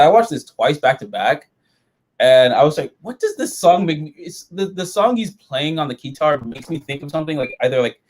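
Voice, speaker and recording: A man hosting a casual review chat, rambling and swearing freely as he talks through an episode. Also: a little high. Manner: animated, profane, rambling. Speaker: show host reviewing episodes.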